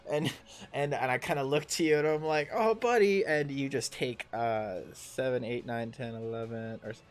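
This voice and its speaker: A man in his thirties running a tabletop game as dungeon master, talking in a halting way with many fillers and restarts. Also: mid-range voice, level tone, clear, resonant tone. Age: 30s. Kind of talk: narrating a tabletop game livestream.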